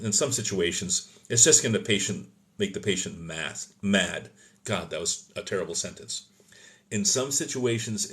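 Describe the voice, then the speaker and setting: Male host, lowish voice, live Q&A, opinionated teacher who restarts his sentences. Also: a bit bright. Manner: loose, self-correcting delivery with fillers. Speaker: host of an emergency medicine live stream. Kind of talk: live Q&A, answering chat questions.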